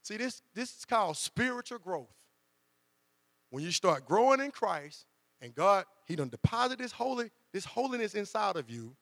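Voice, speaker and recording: Man, preacher, high pitch, long hall reverb, mains hum. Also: very animated, moderate pace, creaky, fairly bright tone. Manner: conversational preaching with dramatized quotes. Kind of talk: sermon.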